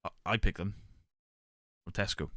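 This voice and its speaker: A man's voice: deep voice, moderate pace, no room sound, studio quality. A man, streaming and bantering casually with his chat. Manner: banter, reads chat aloud, shouts mock pub-landlord bits.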